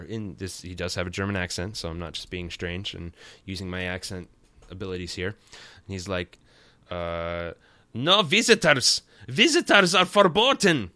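A man's voice: low voice, a bit bright, no room sound. A man hosting a podcast, giving a rambling, wry and sarcastic recap of a cartoon episode. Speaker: podcast host.

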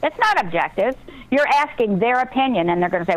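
A woman's voice: fairly high pitch, expressive, a little fast, rough recording. A woman talking as an author guest on a radio interview, earnest and motivational. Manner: earnest, motivational, talks about breathing and intuition.

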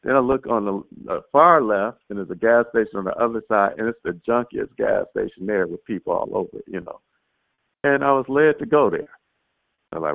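Male caller, animated testimony storyteller; low, raspy, over a phone line. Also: fairly quick, no room sound. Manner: animated storytelling, acts out his own quotes. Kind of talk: casual spoken testimony. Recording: tinny phone line, dry.

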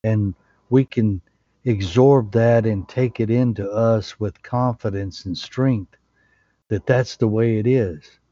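Man, fervent, low pitch, dark tone, dry sound. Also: slow pace, no echo. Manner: fervent, excitable, earnest. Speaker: call participant. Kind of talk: testimony and prayer on a group call. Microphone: online group call. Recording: dull lo-fi call audio.

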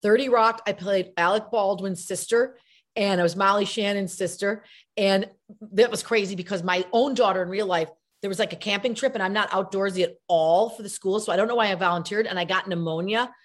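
A middle-aged actress being interviewed, chatting and telling animated stories with acted-out voices. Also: female voice, medium pitch, brisk. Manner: animated storyteller, acts out voices. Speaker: guest actress. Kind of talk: casual interview chat.

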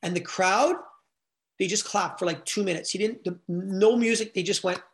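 A middle-aged man telling stories as a guest, animated and swearing freely. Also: high-pitched, moderate pace. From Canada. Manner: animated, swears freely, retells quotes with feeling. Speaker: guest, event promoter. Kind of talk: casual storytelling.

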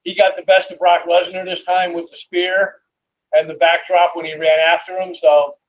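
A man's voice: high-pitched, flat delivery, normal speed, narrow, tinny audio, a little hiss or hum. A man co-hosting a casual wrestling review show, talking hesitantly with lots of fillers. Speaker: podcast co-host.

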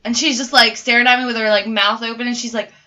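A woman hosting a podcast, telling stories in an animated, chatty way with lots of "like". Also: fairly high pitch, quick pace, dull audio. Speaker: podcast host. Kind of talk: casual chat.

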